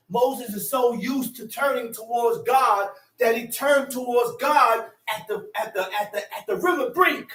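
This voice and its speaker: A man preaching a fiery sermon who shouts his points and repeats phrases as a listener answers back. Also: very high-pitched, unhurried, few pauses. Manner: shouts emphasis, repeats phrases, call-and-response. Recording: echoey room, distant mic.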